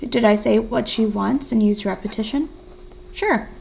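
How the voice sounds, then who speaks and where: A woman's voice: a little high, normal speed, gravelly, low-quality recording. A young woman teaching a remote writing lesson, encouraging and thinking aloud as she writes. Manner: counts syllables in a soft whisper.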